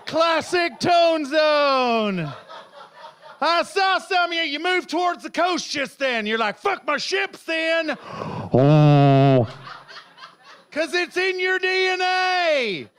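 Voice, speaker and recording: High-pitched, shouty Canadian-born comedian. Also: male voice, animated, slow. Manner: rambling, shouty, laughing often. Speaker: stand-up comedian. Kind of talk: live stand-up set. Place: comedy club stage.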